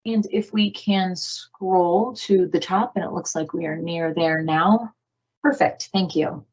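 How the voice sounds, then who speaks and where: A woman moderating a virtual meeting in a lowish voice. She is organized and directive as she moves the group along. The sound is muffled, like video call audio. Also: takes it slowly, breathy edge. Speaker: meeting facilitator.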